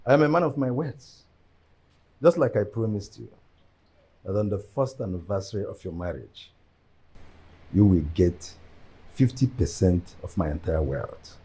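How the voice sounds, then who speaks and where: A rich older father voiced by a Nigerian actor holds forth in a dark, very raspy voice. His pitch swings widely as he speaks in a measured way. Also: lively intonation, full character voice. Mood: proud. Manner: measured, speechmaking. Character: rich elderly father, generous and proud. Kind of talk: film drama acting.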